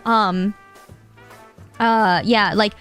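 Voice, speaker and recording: A woman's voice: medium pitch, steady tone, drawn-out words, fairly bright tone, smooth, soft background music. A young Japanese woman chatting casually to her live-stream chat, giggly and rambling, swearing now and then. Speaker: VTuber streamer.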